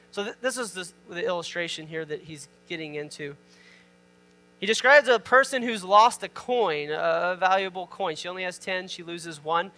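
A man with a high voice preaches a conversational sermon and keeps it informal. His tone is bright and forceful. He reads scripture out loud and stops to put questions to the listeners. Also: moderate pace. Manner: reads scripture aloud and explains it. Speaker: pastor.

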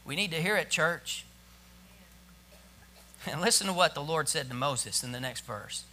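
A man preaching a sermon to his church, swinging from hushed tones to loud emphatic bursts. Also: a little high, expressive, normal speed, pauses often. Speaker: pastor.

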